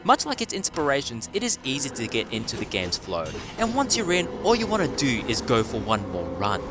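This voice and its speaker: A man's voice: medium pitch, huge pitch swings, fairly quick. A man narrating a scripted game review with a dry, sardonic delivery. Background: music.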